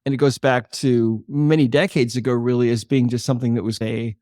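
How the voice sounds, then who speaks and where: An older man, a holistic chiropractor, explaining his work and telling a patient story in a podcast interview with a measured, earnest delivery. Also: medium pitch, fairly even intonation, mellow, no echo, clean studio sound. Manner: earnest, measured explainer who slows for emphasis.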